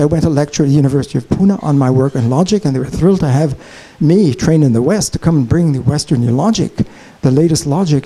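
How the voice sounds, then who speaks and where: Guy giving a keynote talk, slightly high mellow voice, rambly storyteller vibe. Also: low-quality recording. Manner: storytelling, animated and digressive. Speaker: keynote speaker. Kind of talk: conference keynote lecture. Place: conference hall, Chicago.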